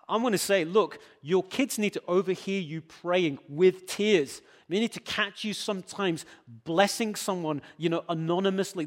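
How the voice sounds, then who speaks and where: A man preaching a sermon, stammering on repeated words, then building to emphatic, forceful peaks. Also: high voice. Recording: long hall reverb.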